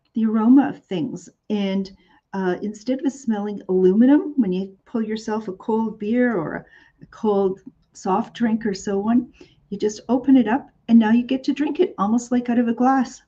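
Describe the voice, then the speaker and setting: A woman's voice: a little high, dark tone, dull audio. A woman hosting a live shopping show, chatting in a rambling way with many fillers.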